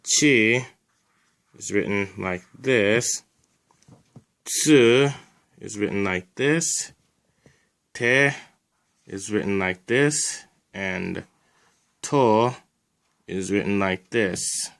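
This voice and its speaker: Slow, smooth-voiced man teaching a lesson. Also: low voice, a bit bright. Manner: slow, deliberate drilling of sounds with casual asides. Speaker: language teacher. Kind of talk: recorded language lesson.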